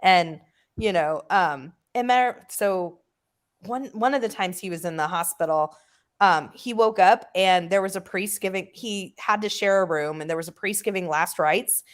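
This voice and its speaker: A woman hosting a casual online chat, telling stories with lively asides and putting on loud voices for the people she quotes. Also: fairly low pitch, normal speed. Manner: chatty storyteller, acts out loud voices in quotes. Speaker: host.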